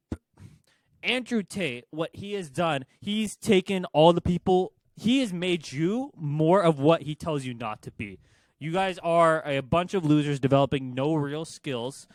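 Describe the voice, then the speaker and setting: A young adult podcast co-host with a slightly high voice goes on a casual, profanity-heavy rant against online commenters. The recording has no echo.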